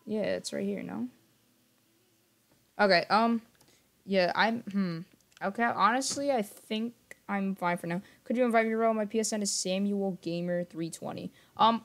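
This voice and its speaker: A young man livestreaming a game, chatting with viewers in a rambling, distracted way and often apologizing, sometimes keeping his voice down. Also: high voice. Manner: talks quietly at times to keep noise down. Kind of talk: casual gaming livestream chat.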